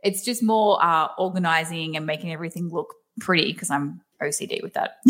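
A woman's voice: fairly low pitch, brisk, a bit bright. A woman chatting as a guest in an interview, laughing often and telling stories with animation. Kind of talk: casual interview chat.

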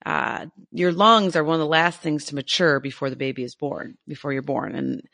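A woman's voice: low voice, moderate pace, gravelly, fairly bright tone, no room sound, clean studio sound. A woman co-hosting a casual science podcast, talking with enthusiasm, rambling a little and laughing often. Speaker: podcast co-host.

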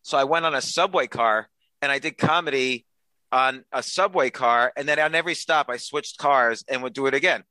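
A man's voice: medium pitch, normal speed, bright, forceful tone, no echo, poor audio. A man guest on a podcast, an author and comedian, telling chatty self-deprecating stories with quoted dialogue. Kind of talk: casual storytelling interview.

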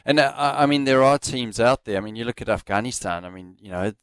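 A man co-hosting a casual sports chat, speaking in a relaxed way and thinking aloud with plenty of fillers. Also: mid-range voice, fast, clear, resonant tone, no echo. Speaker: co-host.

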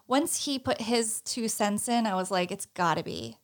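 Woman podcast co-host, middle-aged, lively storyteller, slightly high voice. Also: normal speed. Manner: animated storyteller, laughs often. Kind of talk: casual chat.

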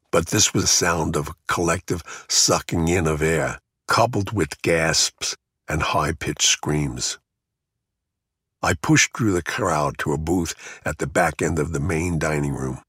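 A man's voice: a bass voice, a bit bright, husky, no room sound, clean studio sound. A man narrating a first-person crime memoir in a blunt, gritty way, swearing freely. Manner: gritty, blunt storytelling with profanity.

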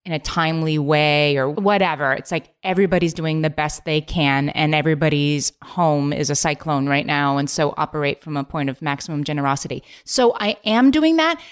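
A woman's voice: low-pitched, clear, resonant tone. A woman co-hosting a podcast, talking casually and emphatically with lots of "like". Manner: quick, emphatic, peppered with "like". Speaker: podcast co-host.

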